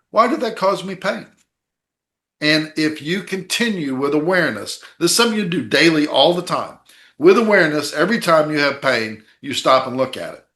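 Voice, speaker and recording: A man hosting a spiritual podcast, explaining ideas in a calm teaching way and checking in with "okay?" and "right?". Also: a little high, roomy sound. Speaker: podcast host and author.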